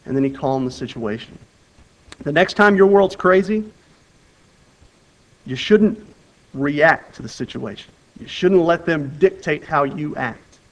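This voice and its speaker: A man preaching in an earnest, conversational manner, his voice sitting a little high for a man. He often circles back and restarts his phrases. His delivery swings between loud bursts of urgency and soft, quiet emphasis. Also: expressive, unhurried, long pauses, poor audio. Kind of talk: sermon with Bible reading.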